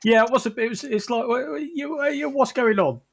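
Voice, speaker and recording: High-voiced man, halting and stammery. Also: creaky. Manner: hesitant, stammering restarts. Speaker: guest on the stream. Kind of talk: casual chat.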